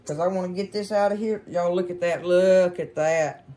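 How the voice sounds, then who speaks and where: A woman's voice: lowish voice, fairly even intonation, fast, dark tone. A woman hosting a casual home cooking demonstration in her kitchen, chatting folksily and calling her viewers y'all. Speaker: cooking show host.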